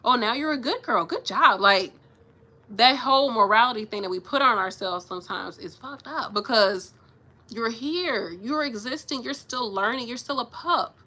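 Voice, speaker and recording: A woman's voice: fairly high pitch, lively intonation, moderate pace, pushed and bright. A woman, giving casual motivational talk in a frank, profane, big-sister manner. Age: 30s. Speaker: nurse vlogger.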